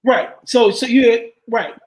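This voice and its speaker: A woman's voice: a little high, slow pace, a little mellow, slight background noise. A woman in casual chat who asks questions and chimes in supportively. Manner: brief supportive interjections and questions.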